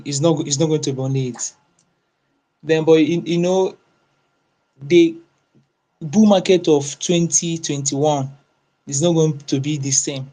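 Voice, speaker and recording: A man's voice: on the high side, darkish tone, rough recording. A man joining a live audio chat as a guest speaker, hesitant, with many fillers and restarts, then insistent when he makes his point. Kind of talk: casual chat.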